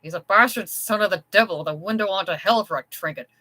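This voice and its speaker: Reader doing a fierce, plainspoken housemaid, bright voice, storybook. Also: mid-range voice, fast, voice pushed up. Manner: blunt, plainspoken. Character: sturdy protective chambermaid, blunt and fierce.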